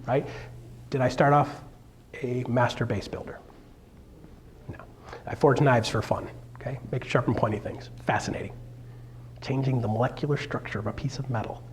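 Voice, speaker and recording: A man coaching real estate agents in a live seminar, animated and joking, often checking in with the room with quick questions. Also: mid-range voice, slight background noise.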